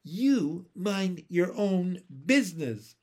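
Storybook read-aloud: defiant little girl, high and snappish, put on by a male narrator. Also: expressive, slow pace, a little mellow. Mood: fierce. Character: stubborn fierce little kindergarten girl.

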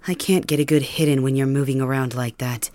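A woman voicing a cold, cruel young male king, calm and mocking, in an ASMR audio role-play. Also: a bass voice, fairly quick, slight background noise. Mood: coldly cruel.

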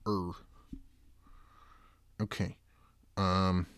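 A man's voice: deep voice, level tone, extremely slow, smooth, no echo. Profane rambling young man, dry sound. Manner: rambling, swearing, loud disbelieving outbursts. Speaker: podcast host. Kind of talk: casual solo podcast chat.

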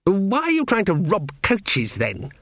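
A man doing a fussy, high-voiced young wizard. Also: huge pitch swings, unhurried, fairly bright tone, no room sound, studio quality, exaggerated voice. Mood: earnest. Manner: high, eager, exasperated.

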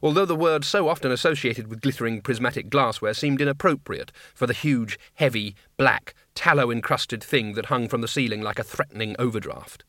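A man reading a comic fantasy audiobook in a dry, measured storytelling manner. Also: medium pitch, fairly bright tone, no echo. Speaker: audiobook narrator. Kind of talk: scripted narration.

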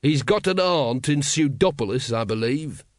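A man's voice: medium pitch, expressive, normal speed, no echo, close to an everyday voice. A man voicing a weary, dry watch captain who speaks mildly.

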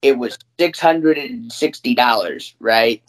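A man's voice: medium pitch, slow pace. A young man co-hosting a podcast, ranting with frequent swearing in casual chat. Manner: ranting, profane, animated. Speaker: podcast co-host.

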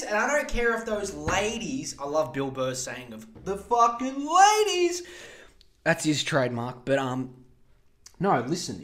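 A man's voice: fairly high pitch, a bit bright. A man, hosting a podcast with a profane, sarcastic comedic rant. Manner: sarcastic, mocking, slips into impressions. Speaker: podcast host.

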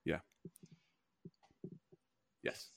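A man's voice: very slow, no echo, clean studio sound. A young man with a nerdy, nasal voice, co-hosting a podcast in casual chat and laughing often. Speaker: podcast co-host. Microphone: close desk mic.

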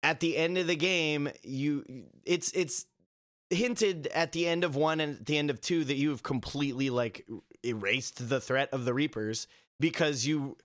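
A young man chats on a gaming podcast in a slightly raised voice. He gets animated as he tells the story and slips into quick impressions of the characters. He swears casually throughout. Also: fairly high pitch. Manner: animated, acts out quoted characters, swears freely. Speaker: podcast co-host.

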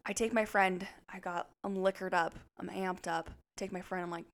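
A woman co-hosting a podcast, telling a story in an animated, chatty way and swearing freely. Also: lowish voice, moderate pace. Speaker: podcast co-host. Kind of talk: casual storytelling chat.

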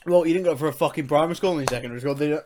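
A man's voice: on the high side, rapid-fire, background noise. A young man from England hosting a casual podcast chat, swearing freely and laughing with his friend. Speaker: podcast host.

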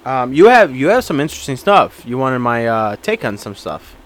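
A man's voice: medium pitch, sing-song, normal speed. A man co-hosting a podcast in casual chat, joking and laughing, acting out little mock conversations. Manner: joking, laughs often, plays out mock dialogue. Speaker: podcast co-host.

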